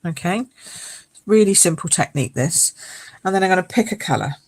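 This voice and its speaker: Croaky woman demonstrating card making. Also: fairly low pitch, animated, a little fast, a little mellow, rough recording. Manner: chatty, explains step by step with fillers. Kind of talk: live craft demonstration.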